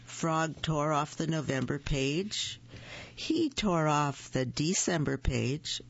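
Slow, gravelly storybook reader. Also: medium pitch, lively intonation. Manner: slow, gentle read-aloud pacing. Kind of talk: reading picture books aloud. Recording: muffled, dull recording.

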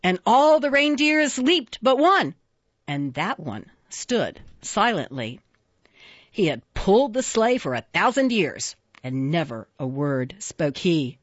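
A woman reading children's poems aloud in a playful, expressive sing-song way. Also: fairly low pitch, no room sound, dull audio. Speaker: reader.

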